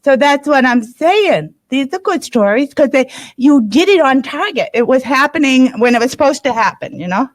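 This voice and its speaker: A woman's voice: high-pitched, animated, normal speed, few pauses. A woman in the audience talking insistently and pushing to be heard. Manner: insistent, talks over others. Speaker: audience member. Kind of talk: insistent chat.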